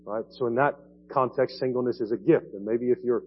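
A man's voice: medium pitch, fairly even intonation, fairly quick, dull audio, a little hiss or hum. A man preaching a sermon in a conversational way, often asking his listeners "right?" as he explains the passage. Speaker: pastor. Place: church sanctuary.

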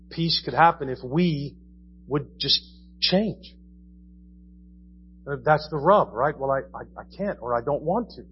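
A man's voice: medium pitch, highs cut off, a little hiss or hum. Man preaching with rhetorical questions. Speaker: pastor. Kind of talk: sermon. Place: church.

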